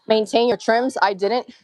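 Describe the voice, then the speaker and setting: A woman's voice: on the high side, a little mellow, no room sound. Breathless young woman live-streaming from a gym. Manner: casual, chatty, counts reps and cues form between sets. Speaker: fitness streamer. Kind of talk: live gym stream chat and rep counting.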